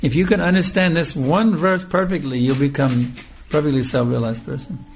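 Man, fairly high-pitched, spiritual teacher, slow emphatic lecture, light background noise. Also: fairly even intonation, vocal fry. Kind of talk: scripture lecture.

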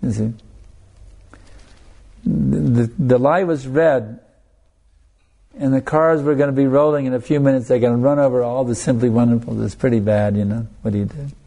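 Creaky, mellow-voiced male preacher. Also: medium pitch, steady tone, moderate pace, long pauses. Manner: conversational, with frequent restarts and asides to listeners. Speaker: spiritual teacher. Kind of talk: anecdotal sermon.

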